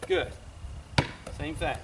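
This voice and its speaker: A man who directs parks and recreation, coaching basketball drills outdoors with quick, encouraging cues. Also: a bit bright, slight background noise.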